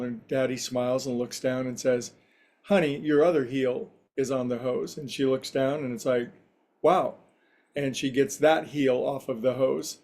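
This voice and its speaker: A man speaking at medium pitch gives a spiritual talk as a meditation teacher to a livestream group, telling a story gently and reflectively.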